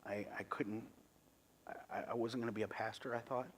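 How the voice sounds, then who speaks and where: A middle-aged man, a pastor, giving a sermon testimony in an earnest, halting way with many restarts. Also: lowish voice, steady tone, slight background noise.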